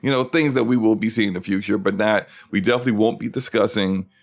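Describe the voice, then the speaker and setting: Upbeat low-voiced man hosting a stream. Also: fast talker, vocal fry. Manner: chatty, rambling with restarts, upbeat. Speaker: podcast host. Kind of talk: casual livestream chat.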